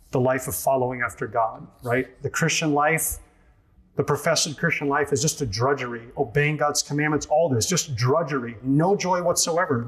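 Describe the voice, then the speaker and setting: Earnest, emphatic male preacher. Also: mid-range voice. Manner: earnest, emphatic, repeats key phrases. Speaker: pastor. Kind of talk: expository sermon.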